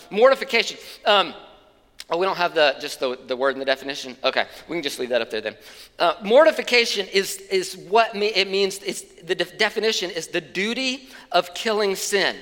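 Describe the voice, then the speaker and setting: A man's voice: sits high, lively intonation, brisk, sharp tone, in a large hall. A man preaching a sermon as pastor, in a conversational, plain-spoken way with casual asides, speaking from a church stage.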